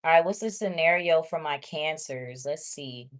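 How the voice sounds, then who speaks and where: A woman's voice: low-pitched, normal speed. A woman giving a casual tarot reading, chatty and blunt, talking straight to her viewers. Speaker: tarot reader.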